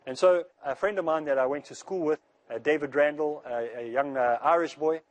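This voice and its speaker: A man giving an earnest religious lecture in a rushing, rapid delivery, repeating phrases to make his point. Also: on the high side. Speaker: Islamic speaker.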